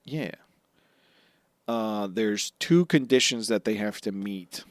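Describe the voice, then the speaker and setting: A man co-hosting a podcast, recapping a comic casually and jumping into high voices for the characters' lines. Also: slow, no room sound, clean studio sound. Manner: animated storytelling, acts out characters' lines in sudden high voices. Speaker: podcast co-host.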